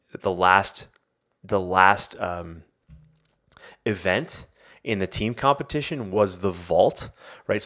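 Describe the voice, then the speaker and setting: A middle-aged man, a coach and former Olympian, hosting a casual live Q&A and telling an animated story, often checking in with "right?". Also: deep voice. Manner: animated storyteller, acts out quotes, frequent "right?".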